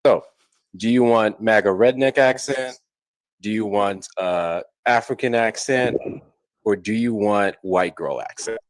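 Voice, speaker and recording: A man's voice: fairly low pitch, dry recording, rough recording. A man co-hosting a live call-in stream, joking and teasing the callers. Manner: joking, quick to tease. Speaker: co-host. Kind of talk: casual live-stream chat.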